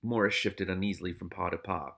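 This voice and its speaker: A man's voice: low voice, fairly even intonation, a little fast, vocal fry, fairly bright tone. A man reading a novel aloud, often breaking off to react and exclaim. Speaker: reader and commentator.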